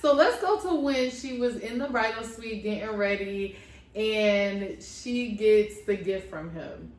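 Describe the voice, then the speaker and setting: A woman co-hosting a casual reality-show recap, gossipy and animated, acting out what people said. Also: mid-range voice, takes it slowly, recorded from a distance. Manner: animated, gossipy, acts out other people's lines. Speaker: co-host of a couple's reaction channel. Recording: echoey room, voice a bit off-mic.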